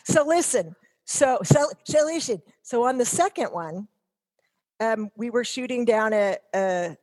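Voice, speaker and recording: A woman's voice: a little high, animated, unhurried, darkish tone. A woman in her fifties, a guest telling rambling, profane, self-mocking stories in casual chat.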